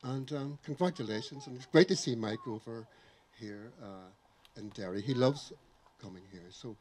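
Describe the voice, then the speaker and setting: A man giving a hesitant, halting speech at an outdoor ceremony, with lots of fillers and restarts. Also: medium pitch, a little mellow. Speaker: guest speaker at a ceremony.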